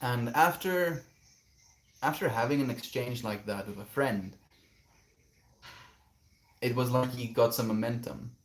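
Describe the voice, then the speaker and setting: A man's voice: medium pitch, a little slow, long pauses. Reflective man chatting on a livestream. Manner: reflective, reads viewer messages aloud and muses on them. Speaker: livestreamer reading chat. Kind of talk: casual livestream chat. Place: outdoors, quiet spot.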